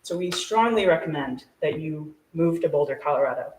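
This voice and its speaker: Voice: medium pitch, animated, brisk. Casual storyteller, filler-heavy, laughs a lot, echoey room, heard from a distance. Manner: chatty, filler-heavy with frequent "like"; laughs often while telling the story. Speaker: guest sharing a story. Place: small shop hosting a live event.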